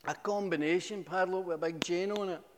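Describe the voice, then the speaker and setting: A man's voice: fairly quick, background noise. Man, middle-aged, humorous church testimony, echoey hall. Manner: animated, humorous storytelling with sudden high exclamations. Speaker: church speaker giving testimony. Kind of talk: storytelling testimony.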